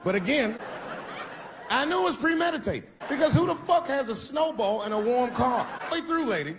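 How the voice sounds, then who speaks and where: A man performing stand-up comedy on a large theater stage, telling profane, animated stories and acting out quotes. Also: extremely high pitch, moderate pace. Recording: live theater recording with background noise.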